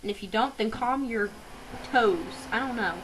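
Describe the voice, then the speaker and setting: A woman's voice: fairly high pitch, normal speed, background noise. A teenage girl ranting into her webcam in a fired-up vlog, with lots of fillers and hesitations. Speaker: vlogger.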